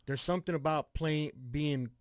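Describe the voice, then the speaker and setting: A man talks football in a loose, excitable way, swearing freely and tripping over repeated words. His voice sits a little high for a man. The sound is dry and close, with almost no room around it. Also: moderate pace, smooth, dry recording. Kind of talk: casual sports chat.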